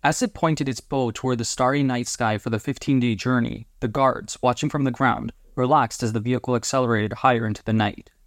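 A man narrating a homemade audiobook in a deliberate way, announcing each chapter as he goes. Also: medium pitch, steady tone, dry recording, clean studio sound.

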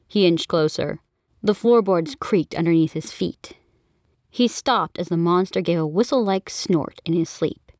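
A woman narrating a children's story in an expressive, storytelling manner, on a close studio mic. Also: lowish voice, unhurried, dry recording. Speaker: audiobook narrator.

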